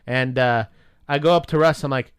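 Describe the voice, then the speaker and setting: A man with a mid-range voice tells a casual, profane story about work on the podcast he co-hosts, animated and acting out the dialogue. He speaks at normal speed, clear and resonant, in a dry recording with clean studio sound.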